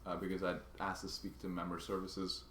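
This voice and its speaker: Low-voiced man, halting vlog storytelling. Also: completely flat delivery, a bit bright, reverberant, a little hiss or hum. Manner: halting, restarts and repeats words while recounting a grievance. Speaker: vlogger.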